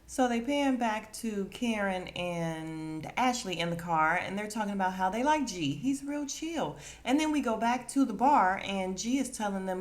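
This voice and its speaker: A woman's voice: mid-range voice, animated, moderate pace, hardly any pauses. A woman hosting a podcast who recaps a reality show in a casual, gossipy way, laughs often and acts out the quotes. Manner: acts out quotes in put-on voices. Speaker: podcast host.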